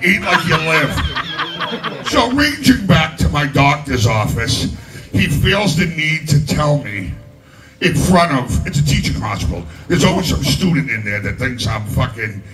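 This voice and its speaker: Man, stand-up comedy, high-pitched, crude self-mocking jokes, distant mic, noisy club room. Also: pushed and bright.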